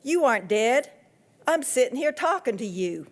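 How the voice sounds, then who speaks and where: A woman's voice: a little high, very animated, moderate pace, voice pushed up. A woman voicing a curious, nosy ten-year-old girl who speaks eagerly and insistently.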